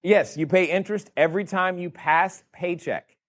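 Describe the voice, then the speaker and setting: Guiding a seminar audience through a board game, this real estate educator has a slightly high, somewhat bright voice and a moderate pace. His manner is playful, and he keeps needling the room with questions.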